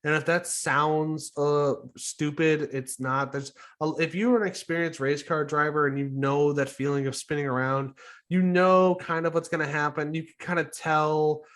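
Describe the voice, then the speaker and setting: Man, podcast co-host, casual chat, rambling, filler-heavy, slightly high voice. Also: fairly even intonation, a bit bright. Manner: rambling, halting, lots of fillers.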